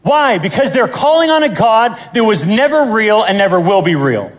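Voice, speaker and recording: A man preaching a sermon as pastor, animated and joking, acting out the scenes he tells. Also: high voice, normal speed.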